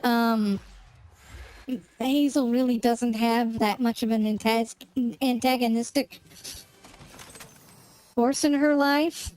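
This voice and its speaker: A woman with a high-pitched, slightly mellow, smooth voice chats casually while playing a game. This gaming streamer rambles and searches for words as she goes, and the recording quality is low.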